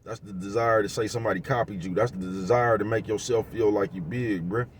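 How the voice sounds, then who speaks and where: A man with a lowish voice rants at a rapid clip, rambling in thick slang and breaking into laughs. He sits in a vehicle some way from the mic, with a faint hum of the road behind him. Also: steady tone, far from the mic. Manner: rambling, heavy slang, keeps asking "you know what I'm talking about"; laughs often, gets loud and heated. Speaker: vlogger. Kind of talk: casual rant to camera.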